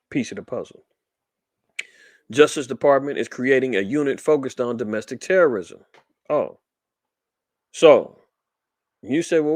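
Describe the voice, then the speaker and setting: A man's voice: medium pitch, no room sound. A man hosting a commentary show, reading articles aloud and riffing on them with rhetorical questions. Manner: animated, rhetorical questions, reads then riffs. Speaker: podcast host reading and commenting on news.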